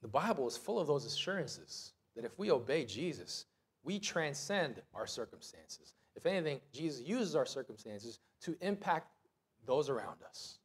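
A man in his thirties preaching a sermon in a church, telling stories with lively acted-out voices. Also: medium pitch, moderate pace, breathy edge. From United States. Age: 30s. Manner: animated storytelling, acts out voices and sounds. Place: church sanctuary.

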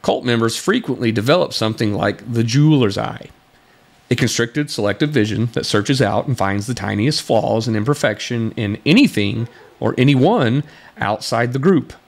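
A man's voice: medium pitch, animated, normal speed, vocal fry. A man hosting a podcast, responding to a video in a sarcastic, exasperated commentary and laughing between points. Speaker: podcast host.

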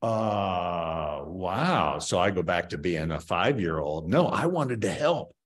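This low-voiced man talks slowly but animatedly. He's a martial arts master in his seventies, rambling through opinionated interview answers full of fillers.

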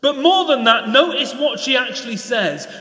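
A Northern English man delivers an enthusiastic sermon, his pitch sitting high for a man. His voice rings through a church hall with a long, roomy reverb. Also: animated, moderate pace, pushed and bright. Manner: passionate, enthusiastic preaching with rising pleading questions. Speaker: preacher.

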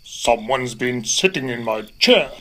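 A woman voicing a big gruff papa bear in a storybook reading, growling his lines slowly and low. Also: expressive, exaggerated voice. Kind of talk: storybook read-aloud.

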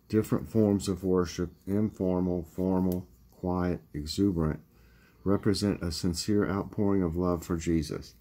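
A man, hosting his own channel, reading a morning devotional and praying in a calm, steady way. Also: deep voice, unhurried. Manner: calm, steady reading, casual chat at the end. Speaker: vlog host leading devotions.

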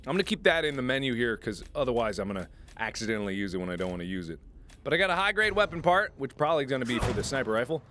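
A man in his twenties playing a game and chatting jokily with his viewers in an excitable way. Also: medium pitch, very fast. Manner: excitable, jokey, talks to viewers. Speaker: gaming host. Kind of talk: let's play commentary.

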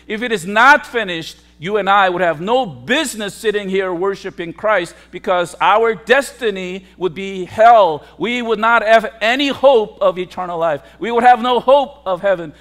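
A man, a pastor, preaching a sermon with emphatic, repetitive phrasing and sharp swings between loud declarations and hushed asides. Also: high voice, moderate pace, hardly any pauses.

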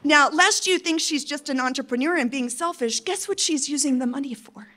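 A woman giving an impassioned, tearful conference address, pleading and emphatic with her audience, swinging between loud outbursts and soft, hushed moments. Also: high voice, brisk. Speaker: conference speaker.

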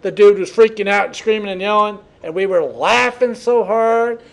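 Guy with a twang teaching class, fairly high voice, folksy storyteller. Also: moderate pace, creaky. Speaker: college instructor. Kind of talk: classroom lecture with anecdotes.

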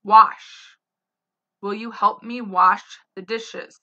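In a slow spelling dictation, a woman with a bright, pushed, medium-pitched voice says each word slowly, spells it out letter by letter and follows with an example sentence. The sound is slightly dull and lo-fi.

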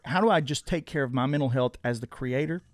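A man's voice: mid-range voice, fast talker. A man hosting a casual podcast conversation, asking earnest questions and restarting his sentences often. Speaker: podcast host.

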